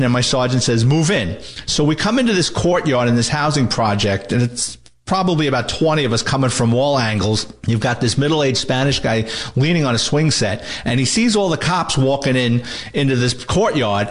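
Retired detective telling a war story. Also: male voice, mid-range voice. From New York. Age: older. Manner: animated storyteller acting out quotes. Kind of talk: spoken anecdote segment.

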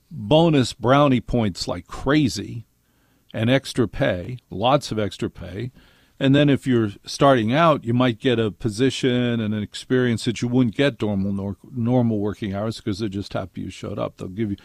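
Older male radio host, wry storyteller, gravelly voice. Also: mid-range voice, moderate pace, no room sound, clean studio sound. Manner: wry storytelling with acted quotes. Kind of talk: monologue to listeners.

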